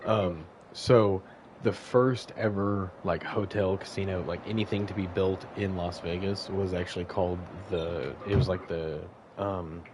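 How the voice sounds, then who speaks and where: A man's voice: sits low, steady tone, unhurried, noisy background. A man telling a long, crude anecdote on a casual podcast, rambling, swearing often and losing his thread. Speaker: podcast co-host. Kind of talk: casual storytelling.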